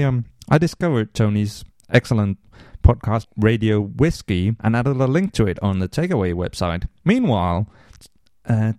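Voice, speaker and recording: A man's voice: medium pitch, a little mellow, no echo. A man hosting a casual podcast, reading listener mail and answering with rambling asides and dry humor. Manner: rambling, many ums and restarts, dry humor. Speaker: podcast host.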